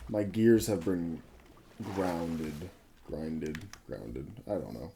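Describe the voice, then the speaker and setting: A man's voice: extremely low pitch, lively intonation, slow, vocal fry, dark tone, slight background noise. A man in his twenties who has been up all night, chatting casually and a bit ramblingly over his gameplay, often correcting himself and swearing freely. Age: 20s. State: sleep-deprived, up all night. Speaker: gaming video creator.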